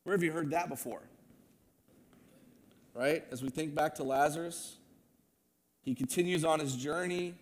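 A man preaching a sermon, moving between loud proclamation and hushed, earnest asides. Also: fairly high pitch, moderate pace, pauses often. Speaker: pastor.

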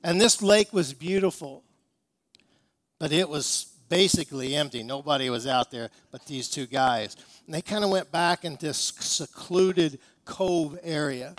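A pastor preaching a sermon, telling stories with emphasis and rhetorical questions. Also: male voice, a little high, a little slow, a bit bright, dry recording.

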